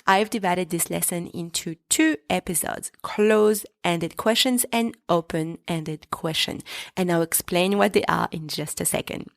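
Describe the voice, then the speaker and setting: A woman hosting a podcast lesson, explaining step by step in a clear, patient way and speaking example sentences in French. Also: lowish voice, a little slow, no room sound, studio quality. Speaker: French teacher and podcast host.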